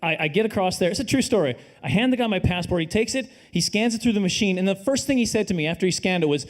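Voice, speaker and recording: A middle-aged Canadian man doing a live stand-up set, dry and self-deprecating, now and then bursting into loud put-on voices. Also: high voice, expressive, fast talker, hardly any pauses. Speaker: stand-up comedian. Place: comedy stage before a live audience.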